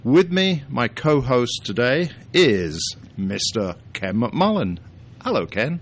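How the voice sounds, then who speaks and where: A British man hosting a podcast in a casual, jokey, animated way. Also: mid-range voice, slow. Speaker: podcast host.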